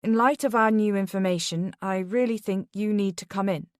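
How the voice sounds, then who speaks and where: A woman's voice: mid-range voice, normal speed, dry recording, natural voice. Officious female detective in a crime audiobook, firm and clipped, close dry read, done by a woman reader. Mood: formal. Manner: formal, clipped.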